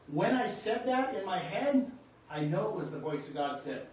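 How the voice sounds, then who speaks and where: A man's voice: high-pitched, big pitch swings, moderate pace, a little mellow, slight background noise. A man in his sixties from North Dakota telling a personal spiritual story as a podcast host, earnest and emotional, gasping in awe at times. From North Dakota, USA. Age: 60s. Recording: echoey room, voice distant from the mic.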